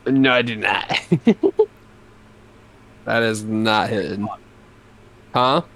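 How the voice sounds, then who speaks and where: Young man, casual player, drawling slow speech, relaxed and joking. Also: on the low side, gravelly. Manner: laid-back, swearing, chuckling. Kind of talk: casual chat.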